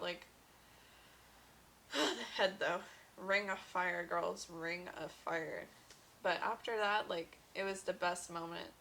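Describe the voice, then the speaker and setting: Young woman vlogger, casual storyteller; bright, slightly gravelly tone, chatty delivery with fillers. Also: medium pitch, slight background noise, poor audio. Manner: chatty, many fillers and quoted dialogue.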